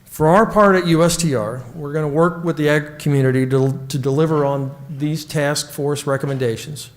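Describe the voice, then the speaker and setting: A middle-aged man from the United States giving a prepared policy speech as a trade negotiator, measured and emphatic, reading from notes with small slips. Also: a little high, fairly even intonation.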